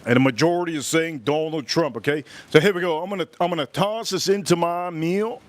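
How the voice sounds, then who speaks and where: A man hosting a casual livestream, chatting and reacting out loud while he eats. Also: a little high, brisk, no echo. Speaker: livestream host. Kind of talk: casual livestream food tasting.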